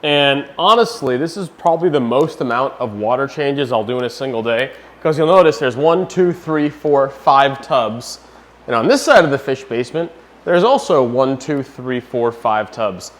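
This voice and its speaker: A young fish-keeping vlogger from New Hampshire, USA, talks to the camera while he works around his home's basement and rooms. His mid-range voice is expressive and moderately paced, and he's chatty and full of jokes in this casual vlog.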